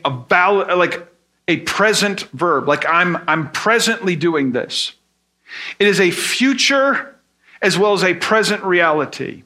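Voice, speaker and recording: A man's voice: high voice, bright, forceful tone. A man preaching a sermon in an earnest tone. He explains with everyday examples and asks rhetorical questions. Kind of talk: sermon teaching.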